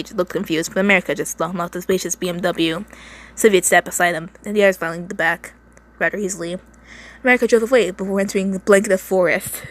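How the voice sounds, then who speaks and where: A young woman casually reading a story aloud at home, often stumbling over words, laughing and adding side comments. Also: on the low side. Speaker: reader of fan fiction. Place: home, indoors.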